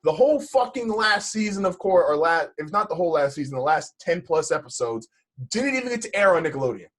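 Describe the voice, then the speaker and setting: Husky man with a lively, swinging voice. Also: on the high side, quick pace. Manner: emphatic, opinionated, profane. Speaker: podcast co-host. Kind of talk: casual podcast chat.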